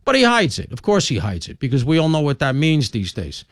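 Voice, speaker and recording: A man hosting a talk radio show, talking through his lineup in an opinionated monologue with emphatic swings in pitch and loudness. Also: wildly swooping pitch, brisk, no echo, clean studio sound. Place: radio studio.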